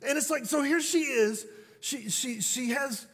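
A man telling parenting stories to an audience in an animated, self-deprecating way. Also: very high-pitched, measured pace, long reverb tail. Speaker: parent and speaker. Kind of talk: storytelling talk to an audience.

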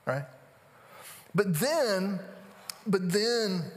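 A pastor in his thirties tells stories from the pulpit, with a high voice. He acts out people lively, then drops to slow, hushed phrases. The sound rings with the long reverb of a large sanctuary. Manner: animated storytelling, acting out quotes, then slow and hushed. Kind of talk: sermon. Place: church sanctuary.

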